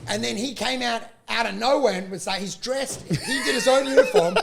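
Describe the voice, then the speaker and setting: A man, a comedian guest telling stories in casual podcast chat, animated, swearing and laughing often. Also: very high voice, brisk, gravelly, a loud crowd.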